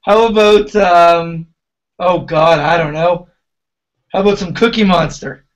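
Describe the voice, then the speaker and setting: A male DJ host with a slightly high voice chats loosely over a video call. He fills his questions with ums and you-knows. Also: measured pace. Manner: chatty, with many fillers. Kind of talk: casual interview chat.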